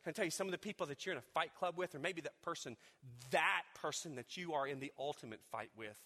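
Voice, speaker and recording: Bright-voiced man preaching in a hall. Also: quick pace. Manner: swings from hushed low talk to loud preaching peaks; repeats and restarts words when fired up. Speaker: pastor. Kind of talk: sermon. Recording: long reverb of a large hall.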